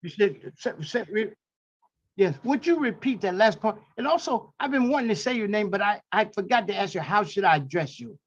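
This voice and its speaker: A man with a husky voice who talks with preacherly force, piling up repeated phrases and rhetorical questions. His pitch swings widely, rising and sinking for emphasis. The audio is dull and lo-fi. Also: animated, brisk. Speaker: interview guest, scholar. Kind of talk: impassioned spoken commentary.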